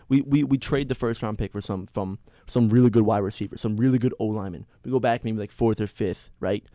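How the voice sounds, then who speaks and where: A man hosting a sports podcast, ranting alone in an excitable, rambling way with many restarts. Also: lowish voice, brisk, hardly any pauses, dry recording, studio quality. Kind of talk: casual solo sports rant.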